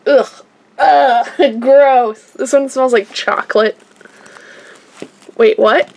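Slow-talking, gushing female toy vlogger. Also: sits high, creaky. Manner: gushing, easily excited, addresses viewers as "you guys". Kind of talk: casual unboxing commentary.

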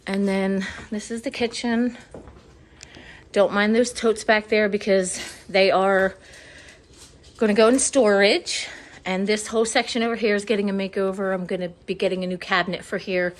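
A woman's voice: medium pitch, fairly even intonation, moderate pace. A woman giving a casual, rambling tour of her home decor, a little out of breath and apologetic, filmed on a handheld phone indoors. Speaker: home vlogger. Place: inside a house.

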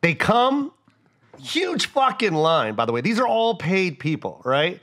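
A man's voice: high-pitched, measured pace. A male comedian guest telling stories in casual podcast chat, acting out exasperated voices with lots of swearing. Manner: animated storytelling, acts out exasperated voices with profanity.

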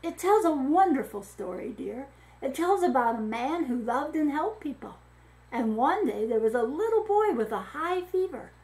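A woman voicing a gentle, kindly old grandmother in a read-aloud story. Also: high-pitched, sing-song, moderate pace, rough recording. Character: kindly old grandmother who tends the sick.

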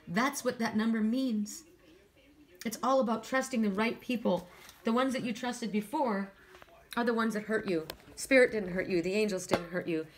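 A woman doing a spiritual card reading for viewers, talking in a rambling, encouraging way with frequent restarts. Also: medium pitch. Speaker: tarot and oracle card reader.

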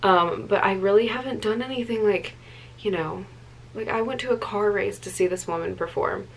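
A woman's voice: medium pitch, moderate pace, husky, low-quality recording. A young woman chatting casually to camera in a vlog, tired, rambling with lots of ums and likes. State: tired late at night. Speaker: vlogger.

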